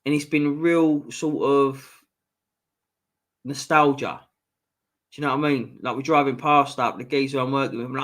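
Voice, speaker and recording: A man's voice: medium pitch, steady tone, moderate pace, pauses often, fairly bright tone. A man from East London with a Cockney accent, rambling casually on a fan livestream and reading out the chat. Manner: rambling, chatty, frequent restarts, swears casually. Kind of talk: casual live stream chat.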